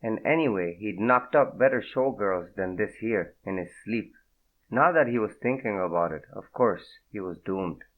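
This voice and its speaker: A male audiobook narrator with a fairly low voice reads at a steady, unhurried pace. The sound is thin and narrow, like it comes over a phone line.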